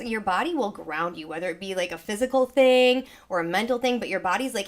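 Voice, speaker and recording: A woman's voice: fairly low pitch, fast talker, few pauses, fairly bright tone. A young woman hosting a live sound healing session from her home studio, chatting casually and rambling as she acts out her own past thoughts while still recovering from an illness. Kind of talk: casual chat to a live audience.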